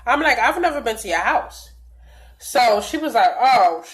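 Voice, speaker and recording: A young woman telling a blunt, profane storytime vlog with lots of animated retelling of dialogue, a little stuffy from allergies. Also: on the high side, moderate pace. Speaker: vlogger.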